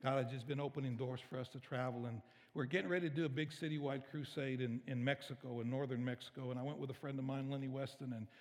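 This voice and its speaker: A man's voice: mid-range voice, fairly even intonation, fast, a little mellow. A middle-aged male pastor, preaching a sermon in a conversational, storytelling way that turns emotional. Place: church sanctuary. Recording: reverberant church hall.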